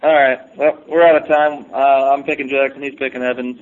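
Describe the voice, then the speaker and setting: A man hosting a casual sports podcast, chatty and quick, laughing often. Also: mid-range voice, flat delivery, lo-fi sound. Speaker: podcast host.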